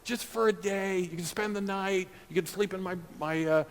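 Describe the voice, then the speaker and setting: A man in his sixties voicing an eager young male friend who pleads and coaxes, pitching his voice well above his own. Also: steady tone, normal speed. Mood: coaxing. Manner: pleading, coaxing. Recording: long church-hall reverb.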